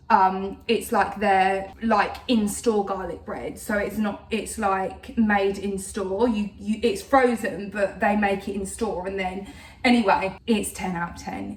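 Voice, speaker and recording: Talking to camera, a vlogger in her thirties meanders through a casual chat loaded with filler words. She speaks at a medium pitch over a faint hiss or hum. The room is echoey, so she comes across a little far from the mic.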